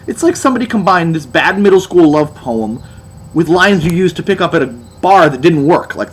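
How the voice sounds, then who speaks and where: Sarcastic young man with lively pitch. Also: normal speed. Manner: mocking, exasperated, theatrical. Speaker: album reviewer. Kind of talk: sarcastic album review monologue.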